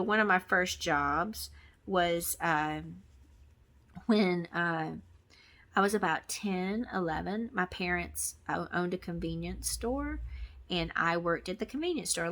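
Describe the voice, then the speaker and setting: A woman's voice: fairly low pitch, slow, a bit bright. Chatty rambling woman vlogger. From Texas, USA. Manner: rambling, chatty, many ums and restarts. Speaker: crafting vlogger. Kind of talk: casual to-camera chat.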